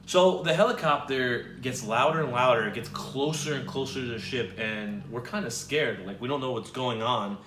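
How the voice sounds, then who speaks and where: Young man, vlog co-host, chatty and easygoing, mid-pitched voice, echoey room. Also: normal speed, hardly any pauses, noisy background. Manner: chatty and easygoing, with some stumbles. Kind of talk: casual storytelling to camera.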